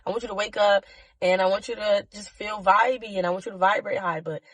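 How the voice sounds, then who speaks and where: A woman's voice: mid-range voice, fairly even intonation, fast talker, no echo. Woman host, solo motivational podcast, impassioned and blunt, salty language, dry close sound. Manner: passionate and blunt, swearing freely; emotional, preachy urging of listeners.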